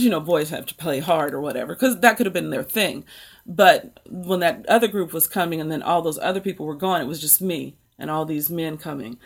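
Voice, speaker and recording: Chatty American woman with a gravelly edge. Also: low voice. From United States. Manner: chatty and rambling, talks straight to viewers. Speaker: book channel host. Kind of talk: casual live-stream chat.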